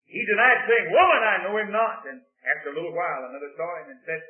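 Impassioned Texan preacher, high voice. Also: male voice, lively intonation, fast talker. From Texas. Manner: swings from hushed to shouting. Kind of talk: sermon. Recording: echoey room on a tinny phone-like line.

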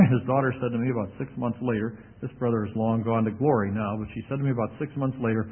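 A man's voice: mid-range voice, steady tone, fast talker, husky. A man preaching a sermon in a folksy, emphatic way, with wry asides. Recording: tinny narrow-band radio broadcast.

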